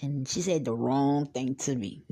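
A woman's voice: low-pitched, dark tone, slightly rough. A woman hosting a podcast, talking straight to her listeners in a blunt, outspoken, rambling way. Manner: blunt, outspoken, swears freely. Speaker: podcast host. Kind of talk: casual podcast monologue.

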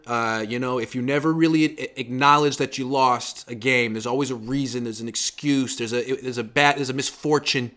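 A man's voice: medium pitch, normal speed, hardly any pauses. A young man, a sports writer guest, chatting casually on a podcast and acting out quoted players. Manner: animated, acts out quoted players with big loud jumps.

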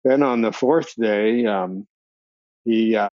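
Speaking slowly with a fairly low pitch over dull audio, an older man guests on a podcast, spinning long stories in a casual interview. He animatedly performs the voices of those he quotes and laughs frequently.

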